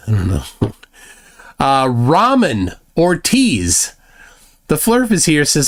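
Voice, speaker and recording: Guy hosting a live stream, reading chat messages out loud, voice jumps up and down a lot, kinda mocking and preachy in between. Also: medium pitch, sing-song, normal speed. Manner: mocking, lecturing asides. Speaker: livestream host.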